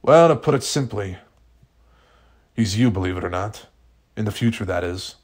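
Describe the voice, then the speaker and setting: A man reading the lines of a scheming male villain leader in a fan fiction story, who speaks in a smooth, condescending way. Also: lowish voice, expressive, normal speed, voice pushed down. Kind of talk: fan fiction read aloud.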